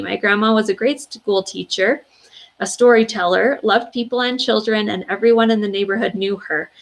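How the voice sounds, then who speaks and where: A woman hosts a casual livestream, reading viewers' stories aloud. Her voice has a steady vocal fry, and her pitch sits in the middle range for a woman. She reacts in an emotional, gushing way, with soft fillers between her words. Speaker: livestream host.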